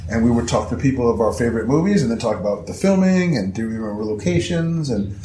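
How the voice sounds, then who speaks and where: A man guest telling his story in casual, rambling talk, swearing freely and acting out quotes with sudden jumps in pitch. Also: expressive, fast talker, warm tone. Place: historic house indoors. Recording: echoey room, faint noise.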